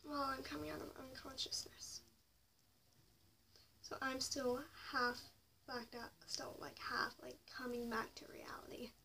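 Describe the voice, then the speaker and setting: This vlogger is a young woman whose high, creaky voice stays steady in tone at a slightly slow pace. Her confessional story to camera swings between whispers and sudden bursts of anger. Some faint noise is audible, and the mic is slightly distant.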